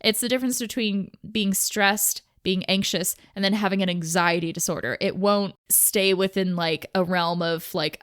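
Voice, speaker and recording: A woman's voice: lowish voice, fairly even intonation, a bit bright, no room sound. Chatty young woman, dry sound. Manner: chatty, candid, fast bursts with frequent "like". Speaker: podcast host. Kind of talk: casual personal talk on mental health.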